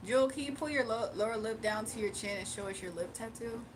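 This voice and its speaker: A young woman hosts a casual livestream, laughing often as she tells animated stories and reads chat comments aloud while talking to her chat. Her voice is on the high side and quick, with background noise behind it.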